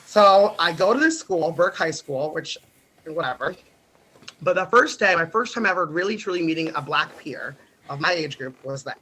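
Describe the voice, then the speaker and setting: A man's voice: a little high, expressive, normal speed, pushed and bright, slightly rough, low-quality recording. A young man from the United States telling stories animatedly on a podcast, laughing often and swearing freely. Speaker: podcast guest. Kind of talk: casual storytelling.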